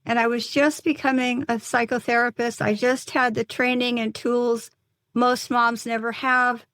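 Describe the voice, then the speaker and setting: A woman's voice: fairly high pitch, level tone, a bit bright, no echo. Earnest older woman telling a painful story. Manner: earnest, halting, with frequent restarts. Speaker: guest, psychotherapist and mother. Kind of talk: emotional personal storytelling in an interview.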